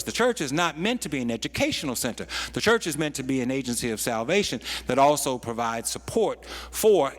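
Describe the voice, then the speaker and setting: A man's voice: fairly high pitch, pushed and bright, long reverb tail. A pastor preaching a sermon, repeating words as he builds a point and dropping in folksy asides. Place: church sanctuary.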